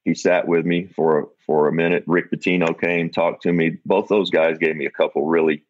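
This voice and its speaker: A man's voice: low-pitched, level tone, normal speed, no room sound, lo-fi sound. A middle-aged man, the guest, candidly tells a personal story in a reflective way.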